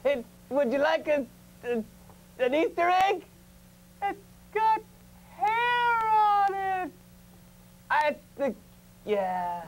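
A man doing a shrill, creaky, stammering addict. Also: very animated, slow pace, long pauses, a little hiss or hum, heavily acted. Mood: awkward. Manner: stammering and hesitant. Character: nervous, awkward addict fussing over a friend.

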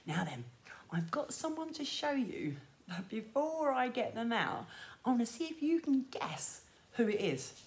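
A woman runs a music class for toddlers in a sing-song, coaxing voice. Her high voice swoops up and down as she talks slowly and clearly to the little ones. Faint music plays in the background. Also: big pitch swings. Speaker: children's music class leader. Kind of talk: sing-along lesson for toddlers.

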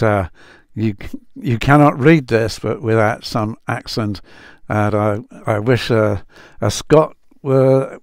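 A man speaking as a Bible translator, reflecting slowly on psalms, with many pauses and fillers as he reads verses aloud. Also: mid-range voice, a little mellow, dry recording, clean studio sound.

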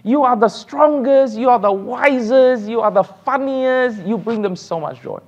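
A man teaching a church Sunday school class, animated and laughing often as he takes questions. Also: extremely high pitch, a little slow, lo-fi sound.

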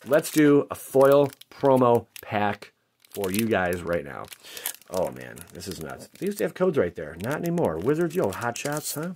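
Casting: male vlogger, lively swooping pitch, playful, bursts into shouts at good pulls. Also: moderate pace, slight background noise. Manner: excitable, jokey, shouts at big pulls. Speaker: card-opening channel host. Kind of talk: casual pack-opening commentary.

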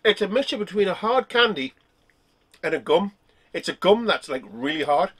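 A man's voice: high voice, lively intonation, moderate pace, a bit bright, husky. A man vlogging as he tastes snacks, talking casually and laughing often. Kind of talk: casual snack tasting chat.

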